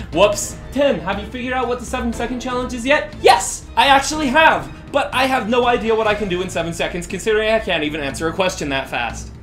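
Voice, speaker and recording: A man answering viewer questions in a casual vlog, excitable and rambling, often self-deprecating. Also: high-pitched, a little fast, soft background music. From Utah, USA.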